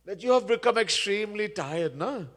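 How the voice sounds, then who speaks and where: A man's voice: high-pitched, very fast, pitched above the performer's own voice. A man doing a sneering, sarcastic king. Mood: sarcastic taunting. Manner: mocking, scornful, shouting. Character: sarcastic taunting king, male adult. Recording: echoey temple hall.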